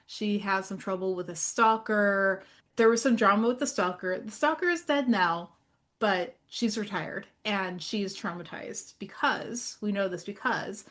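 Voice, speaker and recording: A woman's voice: mid-range voice, measured pace, fairly bright tone. A woman co-hosting a podcast, recapping a movie in a casual, chatty way with dry humor. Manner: wry, chatty. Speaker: podcast co-host.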